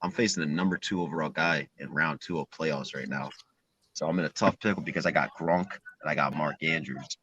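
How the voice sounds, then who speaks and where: A man's voice: a bass voice, brisk, a bit bright, muffled recording, a little hiss or hum. A man calling in to a sports stream, easygoing and chatty. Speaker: caller. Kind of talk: casual chat.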